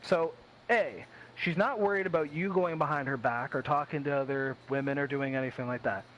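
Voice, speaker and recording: Streamer guy, kinda high voice, blunt and sweary, lots of "like", little bit of hiss. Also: fairly quick, fairly bright tone, highs cut off. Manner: blunt, profane, emphatic, heavy with fillers. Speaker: gaming streamer. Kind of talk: casual chat.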